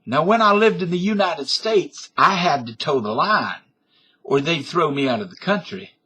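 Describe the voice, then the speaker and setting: A man's voice: fairly high pitch, animated, normal speed, pushed and bright, husky. A middle-aged man from Canada giving a defiant, blustering comic rant to his webcam, tough-talking and profane. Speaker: vlogger. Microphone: webcam microphone.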